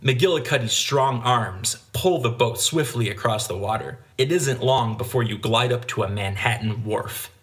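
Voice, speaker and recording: A man's voice: mid-range voice, moderate pace, hardly any pauses, fairly bright tone. A man hosting a gaming channel, reading a gamebook aloud with casual, joking asides.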